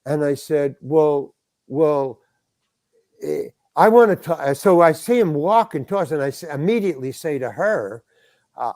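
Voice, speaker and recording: A man's voice: fairly high pitch, animated, unhurried, darkish tone, dry recording, studio quality. An older man telling a rambling story in casual talk, restarting his sentences and acting out the voices of the people in it. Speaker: guest actor telling a story. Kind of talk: casual anecdote.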